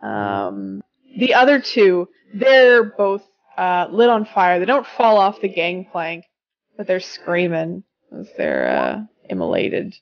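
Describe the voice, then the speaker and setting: A woman's voice: fairly low pitch, wildly swooping pitch, takes it slowly, muffled recording. A woman running a tabletop game as game master, narrating scenes vividly.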